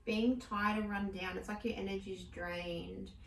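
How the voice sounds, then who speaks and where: A woman's voice: mid-range voice, fairly even intonation, a little slow, gravelly. A middle-aged woman co-hosting a casual podcast, talking in an easygoing, affectionate way with her friend. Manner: warm, affectionate, calls her friend babe. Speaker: podcast co-host. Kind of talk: casual chat. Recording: roomy, distant mic with faint background hiss.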